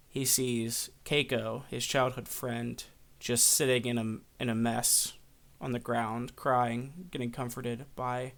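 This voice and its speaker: A man hosting a podcast, casually retelling an episode with animated storytelling and frequent fillers. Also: mid-range voice. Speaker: podcast host.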